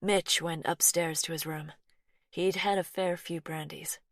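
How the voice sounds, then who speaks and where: Soft, nervous American woman with a firm twang, read by a female narrator; low, dry studio audiobook. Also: steady tone, measured pace, no echo. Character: anxious, softly spoken American woman.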